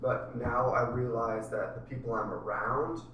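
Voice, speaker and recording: A relaxed young man chats on a podcast and drops "like" into many of his sentences. He is heard from a distance off the mic. The room around him rings with heavy echo and a faint room hum. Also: medium pitch, moderate pace, muffled recording. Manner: relaxed, filler-heavy, uses "like" often. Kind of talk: casual chat. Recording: very echoey room, away from mic.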